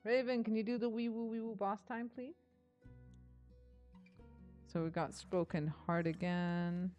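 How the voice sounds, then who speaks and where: A woman's voice: medium pitch, measured pace, muffled recording, faint music behind. A woman streamer chatting casually with her viewers, bubbly and welcoming. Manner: bubbly, chatty, greets chat warmly. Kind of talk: casual live-stream chat.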